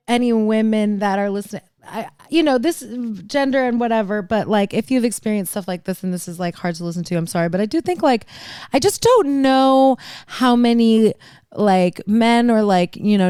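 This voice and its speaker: Woman podcast host in her twenties, personal storytelling, halting with lots of fillers; very smooth clear voice, dry close sound. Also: medium pitch, a little mellow, no room sound. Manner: halting, many fillers and restarts.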